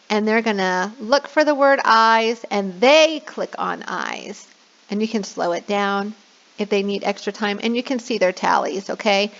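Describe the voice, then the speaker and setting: An online English teacher trainer gives a screen-share tutorial, walking new teachers through a classroom platform, frequently asking "okay?" and shifting into a bubbly sing-song voice meant for kids. Her medium-pitched voice is a little slow, gravelly and fairly bright, with lo-fi sound.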